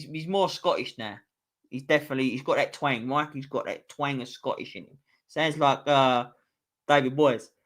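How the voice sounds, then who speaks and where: A man's voice: a little high, sharp tone. A man with a London accent, hosting a casual live-stream quiz, chatty and teasing, swearing freely. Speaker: host reading a quiz to a live chat.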